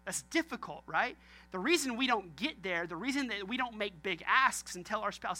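A man's voice: high-pitched, lively intonation, moderate pace, pushed and bright. A man preaching a sermon as pastor, joking and talking straight to his congregation.

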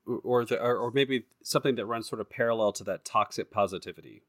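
A man co-hosting a faith podcast, speaking reflectively and haltingly about his personal experiences. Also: on the low side, no room sound, studio quality. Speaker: podcast co-host.

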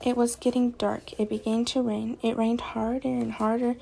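A woman reading a children's story aloud in a slow, deliberate storybook cadence. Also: on the high side, little pitch movement, vocal fry, warm tone, a little hiss or hum. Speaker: story reader.

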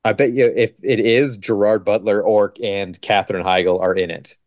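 A man on a podcast, recapping a movie in casual, joking chat and tossing in quick mock quotes. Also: fairly low pitch, fairly even intonation, a little mellow, no room sound, studio quality. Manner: joking, sarcastic, quotes scenes in quick put-on lines. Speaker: podcast co-host.

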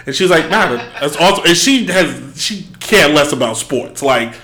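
A man's voice: fairly high pitch, lively intonation, a little slow, bright, forceful tone. A man from the Bronx with a New York accent, hosting a sports podcast and telling playful stories in casual slang. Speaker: podcast host.

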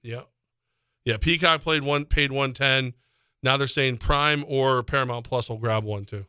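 A sports radio host with a bright, crisp voice, talking casually and quickly with plenty of jokes. The studio sound is dry and close. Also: male voice, medium pitch, no echo. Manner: joking, quick, laughs often.

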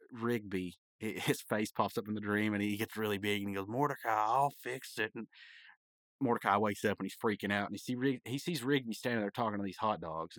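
A man hosting a podcast, casually recapping a cartoon episode, rambling with frequent laughs and quick acted-out lines. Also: on the low side, fairly bright tone, no echo.

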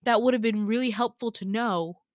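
A woman's voice: a little high, brisk, dry recording, studio quality, lightly acted. A woman voicing an exasperated young male student leading the way. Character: young man, a fellow student guide.

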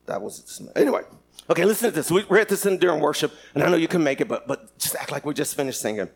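High-voiced animated male preacher. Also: quick pace, gravelly, breathy edge. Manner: animated, shouting at peaks, laughing. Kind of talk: sermon.

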